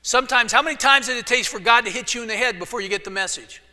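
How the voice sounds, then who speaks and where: Male pastor, casual joking sermon style, bright voice, long church reverb. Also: very high-pitched, fast talker, a little hiss or hum. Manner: casual storytelling with jokes. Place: church sanctuary. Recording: echoey church hall.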